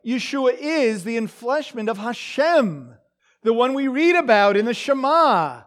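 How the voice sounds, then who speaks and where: A Bible teacher giving a verse-by-verse lesson, reading scripture aloud and then explaining it emphatically, often checking in with "okay?". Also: mid-range voice.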